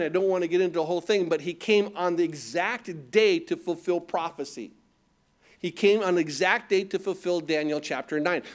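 A man preaching a sermon, reading scripture aloud and explaining it, often asking his listeners rhetorical questions and repeating words as he goes. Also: high voice. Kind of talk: expository sermon.

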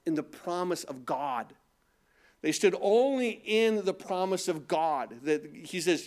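A man delivering a sermon in a somewhat high voice. He keeps asking his listeners questions and then answers them himself, and his delivery builds in force as he preaches. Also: animated, slow, darkish tone. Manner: call-and-response questions, rising in intensity. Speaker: pastor.

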